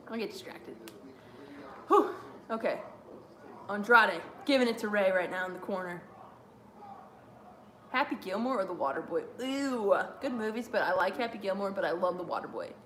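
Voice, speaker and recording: A woman's voice: medium pitch, lively intonation, normal speed, long pauses, a bit bright, echoey room, slight background noise. A woman hosting a casual watch-along stream, reading chat aloud and answering with lots of giggles and jokes.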